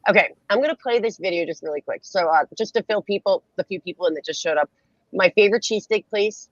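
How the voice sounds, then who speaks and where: Husky woman hosting a chatty stream. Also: medium pitch, fast talker, no echo, muffled recording. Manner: laughing often, self-deprecating. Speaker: host. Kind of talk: casual chat. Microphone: video call.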